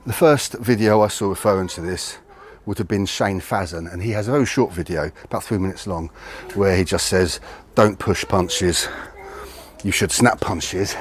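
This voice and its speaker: With a fairly low, slightly mellow voice and a somewhat quick delivery, a martial arts instructor teaches punching in an explanatory video lesson. He is outdoors beside a tree, speaking casually, self-correcting and a bit out of breath, with a little hiss or hum on the audio.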